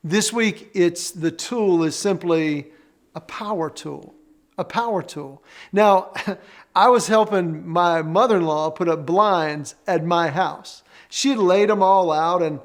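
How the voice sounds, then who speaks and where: A man presenting a faith-based marriage teaching session, earnest and conversational, telling stories and leading the audience through exercises. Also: a little high.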